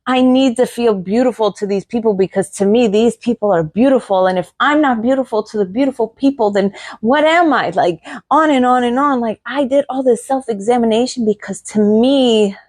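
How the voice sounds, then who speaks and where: Middle-aged woman podcasting, earnest pep talk, keeps repeating herself and asking why, mid pitch. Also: a little mellow. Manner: earnest, repeats phrases, asks rhetorical questions. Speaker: podcast host. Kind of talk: motivational monologue.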